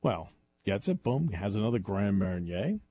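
Husky, lively-voiced male radio host. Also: on the low side, moderate pace. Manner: animated, laughs at his own story. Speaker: radio talk show host. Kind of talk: casual storytelling on talk radio. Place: radio studio. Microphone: studio microphone.

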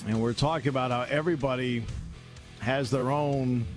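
A man hosting a radio talk show from a studio, telling a story in a casual, animated way and laughing along. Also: medium pitch, moderate pace, soft background music. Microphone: studio microphone.

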